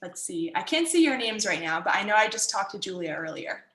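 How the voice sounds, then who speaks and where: A woman's voice: medium pitch, sing-song, fairly quick, a bit bright, reverberant, poor audio. A woman martial arts instructor teaching an online workshop for kids in an upbeat, encouraging way, over a video call.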